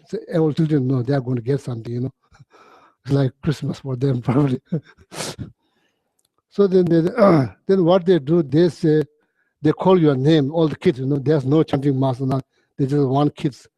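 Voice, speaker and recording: Halting man with a husky mellow voice. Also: medium pitch, dry recording, poor audio. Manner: halting, repeats phrases, frequent throat clearing, non-native English. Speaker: Buddhist teacher. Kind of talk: informal dharma talk.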